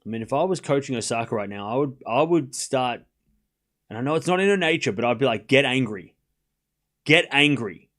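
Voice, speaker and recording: A man's voice: mid-range voice, expressive, fast talker. A man hosting a live tennis watchalong stream, rambling casually with lots of "you know" and restarts. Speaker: host.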